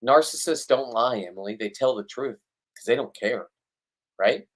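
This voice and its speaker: A man records a casual fishing vlog outdoors. He rambles bluntly and pokes fun at himself. His pitch sits in the middle. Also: moderate pace. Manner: blunt, rambling, self-deprecating. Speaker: fishing vlogger.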